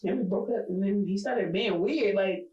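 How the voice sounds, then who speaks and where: Woman co-host, middle pitch, frank and profane storyteller, recorded in a roomy space. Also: moderate pace, muffled recording. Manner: candid, profane storytelling, animated laughs. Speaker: podcast co-host. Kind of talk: casual chat.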